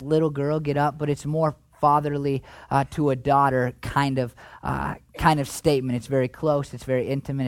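A pastor preaches a sermon in a conversational manner, his mid-range voice swinging between animated emphasis and hushed, tender passages, with no echo.

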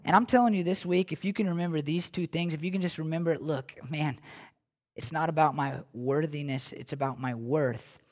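A male pastor preaching in a relaxed, conversational manner, pushing his voice up for emphasis. His voice sits a little on the high side for a man. He speaks from a church sanctuary. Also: a little fast. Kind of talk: sermon and prayer.

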